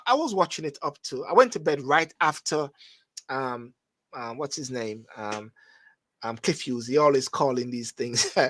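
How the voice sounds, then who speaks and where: A man's voice: medium pitch, fairly bright tone. A Jamaican man hosting a live-streamed call-in talk show, talking animatedly, repeating words as he reads out viewer comments. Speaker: host.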